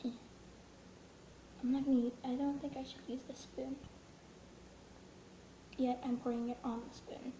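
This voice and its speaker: Young female vlogger, high and mellow, nervous chatter, roomy echo. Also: little pitch movement, measured pace, pauses often. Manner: chatty, nervous, drops into whispers. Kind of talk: casual slime-making vlog. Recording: echoey room with faint noise.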